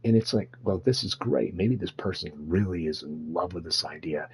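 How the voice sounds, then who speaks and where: A man rambling through casual commentary, profane and laughing often as he thinks out loud. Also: low-pitched, moderate pace, slight background noise. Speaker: streamer.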